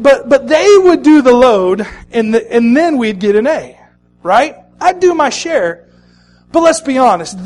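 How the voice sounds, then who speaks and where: A middle-aged man preaching a sermon as pastor, moving between hushed, quiet lines and loud, emphatic ones. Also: very high voice.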